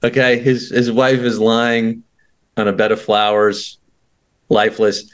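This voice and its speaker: A man's voice: fairly low pitch, little pitch movement, measured pace. Joking man rambling in podcast chat. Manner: joking, rambling with restarts and laughs. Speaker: podcast co-host. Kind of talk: casual film chat.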